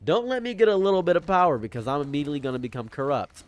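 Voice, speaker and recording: A man's voice: on the high side, sing-song, racing. A man talking casually as a vlogger, rambling playfully and repeating his jokes with mock villainy. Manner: playful, repetitive, jokingly villainous.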